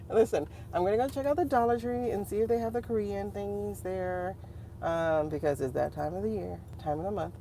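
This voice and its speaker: A woman's voice: medium pitch, a little fast, slight background noise. A woman hosting a casual livestream as a tarot reader, chatting to her viewers and laughing often. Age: adult. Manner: chatty, animated, laughs often, talks to the chat.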